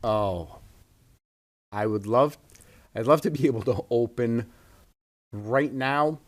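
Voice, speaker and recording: A man's voice: medium pitch, slow. A man, a stand-up comedian telling stories in a casual interview with easy chuckles. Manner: laid-back storytelling with chuckles.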